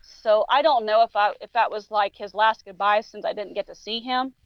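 A woman guest on a casual podcast, telling a personal story haltingly with many fillers and restarts. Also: mid-range voice, steady tone, smooth. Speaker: guest paranormal investigator. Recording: dull lo-fi sound.

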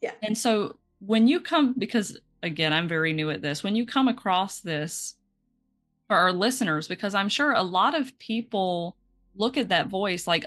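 A woman's voice: mid-range voice, lively intonation, normal speed, a bit bright, soft background music. A woman hosting a podcast, talking earnestly and openly about her own experiences and asking her guest questions. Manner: earnest, open and personal. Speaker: podcast host. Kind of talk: casual podcast conversation.

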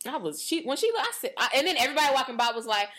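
A woman's voice: high-pitched, very fast. A young American woman co-hosting a casual podcast chat, telling stories and acting out quotes with lots of fillers. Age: young adult. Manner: animated storytelling, acts out quotes in varied voices; frequent fillers like "like" and "you know". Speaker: podcast co-host.

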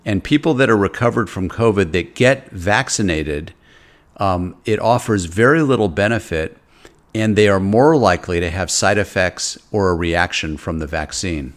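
A man's voice: low voice, moderate pace. A man hosting a talk show, chatting loosely and stopping often on fillers. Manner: loose, conversational, with frequent fillers. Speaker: host. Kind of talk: casual talk-show chat.

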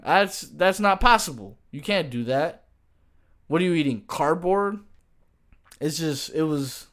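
A man's voice: fairly high pitch, animated, a little slow, soft background music. A man and streamer ranting jokingly to camera in a casual, profane, slang-heavy way. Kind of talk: casual comedic rant to camera.

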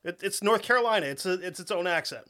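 Joking New man, higher voice. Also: animated, pushed and bright. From New England. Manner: joking, swears casually, quick banter. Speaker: podcast co-host. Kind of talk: casual podcast chat.

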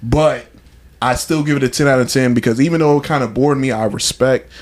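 A man co-hosting a podcast, chatting casually in a middle-pitched voice. He tells stories with lively enthusiasm and slips into acted-out quotes. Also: fairly quick. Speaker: podcast co-host. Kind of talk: casual chat.

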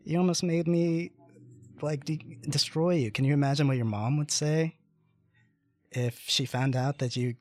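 A man's voice: on the high side, fairly even intonation, normal speed, a little mellow, pitched above the performer's own voice, natural voice. A man doing a bullying, menacing older guy. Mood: threatening. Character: menacing older male companion, bullying, threatening.

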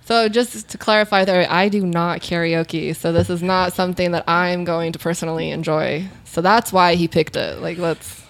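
A woman's voice: fairly low pitch, steady tone, normal speed. Teasing woman co-host. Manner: teasing, playful banter. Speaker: podcast co-host. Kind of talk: casual chat.

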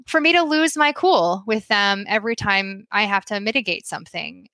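A woman with a bright, clear tone talks candidly and reflectively, as if confiding in a listener. Her delivery is thoughtful and loose, full of little fillers and restarts. The sound is close and dry, with no room echo. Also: medium pitch. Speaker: mother sharing a personal practice. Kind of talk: casual reflective monologue.

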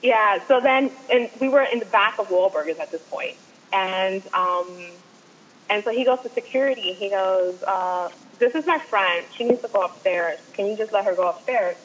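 A woman guest telling an excited fan story, acting out what people said, in casual chat. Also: medium pitch, moderate pace, highs cut off.

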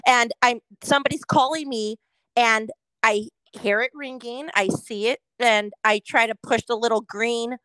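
A woman from California rants her way through a casual podcast chat, swearing constantly and quoting her own exasperated reactions. Her voice is bright and a little high. The sound is dry and close, with no room around it. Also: fairly even intonation, a little slow, clean tone, no room sound. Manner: ranting, heavy swearing, quotes herself. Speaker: podcast co-host.

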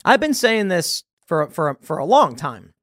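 Man, podcast host, lively pitch, fairly high voice, exasperated ranting, dry close sound. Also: measured pace, no room sound. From United States. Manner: animated, exasperated, laughs often, repeats words. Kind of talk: opinion commentary rant.

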